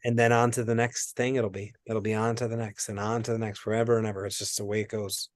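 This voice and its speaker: A man working as a medium, giving a reading in a rambling, animated way that often interrupts itself. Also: lowish voice, quick pace, no room sound, clean studio sound. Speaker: psychic medium. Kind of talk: spirit reading conversation.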